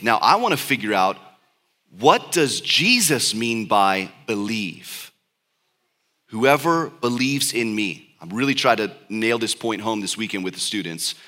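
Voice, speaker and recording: Bright-voiced man preaching a sermon. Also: lowish voice. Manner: reads scripture aloud slowly, then explains in lively speech.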